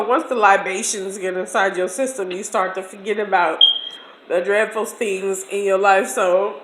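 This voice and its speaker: A woman in her forties telling a personal story in a chatty, slangy, expressive way during a casual meal video. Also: mid-range voice, moderate pace. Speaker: vlogger. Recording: echoey room.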